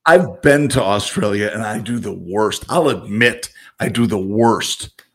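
Rambling low-voiced man chatting. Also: a little slow, breathy edge. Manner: rambling, chuckling, many fillers and restarts. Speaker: podcast co-host. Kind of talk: casual chat.

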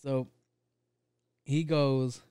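A man's voice: mid-range voice, level tone, drawn-out words, warm tone, clean tone, dry recording. A man talking in a loose, rambling monologue, swearing often and leaning on fillers. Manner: profane, rambling, with frequent fillers.

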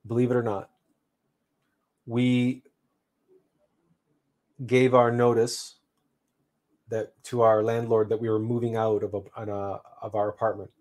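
A man hosting a livestream, telling a personal story in an unhurried, reflective way with frequent restarts. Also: mid-range voice, flat delivery, a little mellow. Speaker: livestream host.

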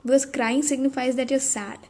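A woman's voice: high-pitched, little pitch movement, a little fast, warm tone, poor audio. A young adult woman hosting a solo podcast, rambling and self-deprecating with many restarts. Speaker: podcast host. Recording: faint background noise.

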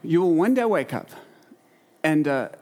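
A middle-aged man, preaching a sermon and telling stories in a lively way, his voice often jumping higher and faster. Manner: animated storyteller, jumps in pitch and speed. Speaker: pastor. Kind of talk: sermon with storytelling.

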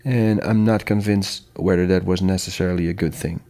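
A middle-aged man from the Netherlands, a sound consultant and educator speaking calmly and thoughtfully in a casual interview. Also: sits low, a little fast.

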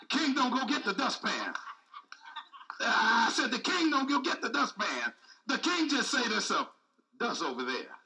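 A man's voice: extremely high pitch, big pitch swings, measured pace, vocal fry, bright, forceful tone, far from the mic, poor audio. A man preaching a sermon with speech, repeating phrases and calling out to the congregation. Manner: call-and-response preaching, repetitive, emphatic.

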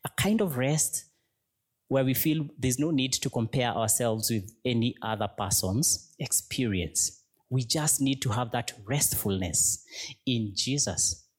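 A man preaching a reflective sermon as a pastor, speaking gently and unhurriedly in short, broken phrases that lead into prayer. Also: mid-range voice, a little slow, breathy edge.

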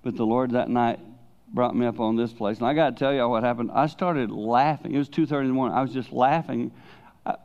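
Middle-aged male preacher: candid, animated storyteller with excited high-pitched peaks, dull lo-fi church recording. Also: a little fast. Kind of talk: sermon.

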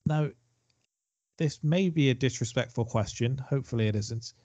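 A man's voice: mid-range voice, normal speed, darkish tone, no room sound, highs cut off. A man co-hosting a casual film chat, chatty and digressive, given to self-deprecating asides. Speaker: podcast co-host.

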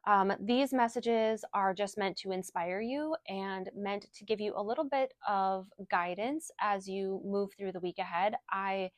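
A woman working as a spiritual guide, leading affirmations and reflection in a gentle, slow way and repeating each phrase. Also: mid-range voice, dry recording, clean studio sound.

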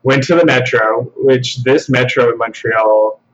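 A man's voice: mid-range voice, a little slow. Man, podcast guest, casual storyteller, swears, slightly dull audio. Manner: relaxed, swears freely, laughs while telling.

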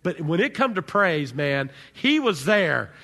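A man preaching a sermon as pastor, animated, swinging from soft to loud. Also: fairly high pitch, measured pace.

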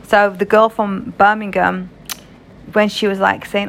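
A woman's voice: mid-range voice, flat delivery, measured pace, vocal fry, a little hiss or hum. A young British woman telling a story in a casual vlog, frank and chatty, swearing freely. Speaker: vlogger.

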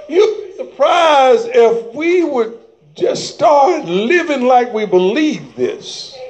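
A man preaching a sermon to his church, calling for amens and breaking into shouted bursts. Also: extremely high pitch.

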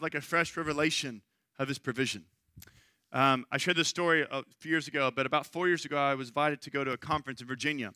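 A man's voice: high-pitched, sharp tone, dry recording. A middle-aged man preaching a sermon, talking in a conversational storytelling way and checking in with "right?". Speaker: pastor.

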